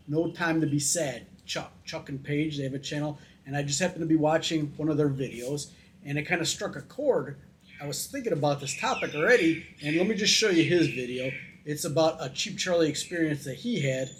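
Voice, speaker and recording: A man's voice: on the high side, a little hiss or hum. A man talking casually and with opinions in a travel vlog, telling stories and commenting to his viewers. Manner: chatty, opinionated storytelling. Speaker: vlogger. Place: in Thailand.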